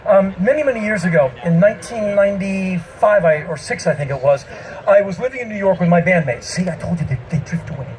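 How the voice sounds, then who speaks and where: A man in his fifties telling a comic story on an outdoor festival stage into a stage microphone, emphatic and breaking into shouts. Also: high-pitched, animated, fairly quick, slight background noise, poor audio. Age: 50s. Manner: emphatic, bursts into shouting, mimics people. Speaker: spoken-word performer. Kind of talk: stand-up storytelling.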